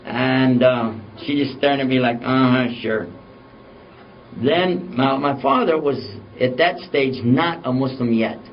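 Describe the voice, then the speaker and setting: A middle-aged man giving a talk, telling a personal story in a humorous, self-mocking, conversational way. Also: medium pitch. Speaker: speaker. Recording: dull, distant recording.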